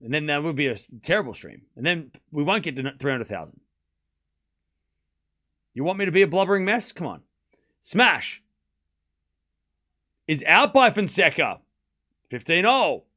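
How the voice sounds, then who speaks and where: A male streamer calls tennis rallies live, his slightly raised voice jumping up in pitch and volume on big shots. Between points he drops into a low, blunt, casual rant at his chat. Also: unhurried, long pauses. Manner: excited play-by-play, then ranting casually at chat. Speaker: stream host and tennis commentator. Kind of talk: live watchalong commentary with chat.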